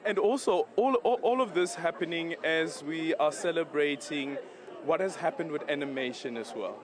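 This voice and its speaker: A man reporting live from a red carpet event, excited and chatty, a little out of breath. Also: a little high, moderate pace. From South Africa. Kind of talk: live news interview. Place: outdoor red carpet event at a shopping centre. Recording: lively crowd around.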